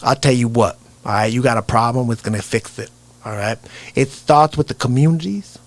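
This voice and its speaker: A man doing a raspy gruff fed-up guy. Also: mid-range voice, brisk, no room sound, natural voice. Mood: grumbling. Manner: blunt, lecturing.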